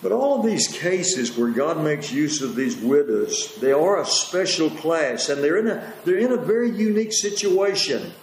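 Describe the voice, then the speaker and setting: A man preaching a sermon in a rambling way, pausing on fillers and correcting himself as he goes. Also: fairly high pitch, animated, reverberant, slight background noise, low-quality recording.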